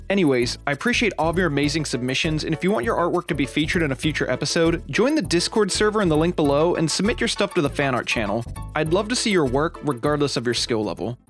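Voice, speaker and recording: Hosting his own channel, a man narrates an adventure from a game playthrough in an upbeat, dramatic way. His voice is a little high, animated and quick, with faint music playing behind him.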